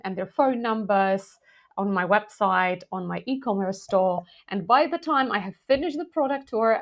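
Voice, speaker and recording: A woman hosting an explainer video, talking in a lively, conversational way with frequent fillers and light self-aware asides. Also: medium pitch. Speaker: product marketing video host. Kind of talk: explainer video talk to camera.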